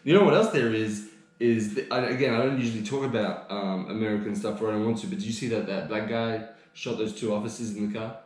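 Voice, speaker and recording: A man's voice: lowish voice, fast talker, a little mellow. An Australian man co-hosting a podcast, ranting heatedly and swearing freely in casual chat. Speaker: podcast co-host. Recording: echoey room.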